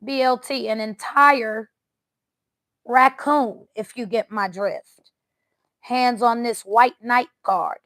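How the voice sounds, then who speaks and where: A woman's voice: on the high side, fairly even intonation, takes it slowly, a bit bright, reverberant. A woman doing a casual tarot reading for viewers, talking in a blunt, mocking, sassy way. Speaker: tarot reader.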